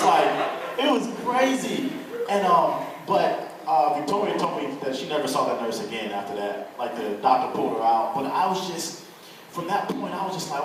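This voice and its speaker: A man's voice: on the high side, lively intonation, background noise. Earnest young man, echoey and distant. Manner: earnest, halting, many fillers and restarts. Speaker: guest telling his testimony. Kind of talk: personal testimony to an audience. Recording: echoey room from far off.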